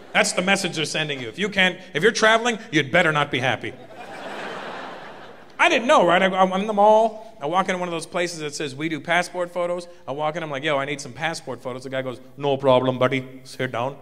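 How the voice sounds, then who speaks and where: A male comedian doing animated, punchy stand-up at a large live venue. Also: sits high, slight background noise. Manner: animated and punchy, often building to a shout. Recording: live in a reverberant hall.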